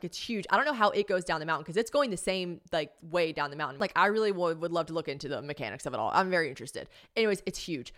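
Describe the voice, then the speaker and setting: A woman hosting a podcast, telling a comic story in a casual, animated way, swearing freely, mocking herself and acting out what people said. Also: medium pitch. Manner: animated, swearing, self-mocking, acts out quotes. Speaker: podcast host.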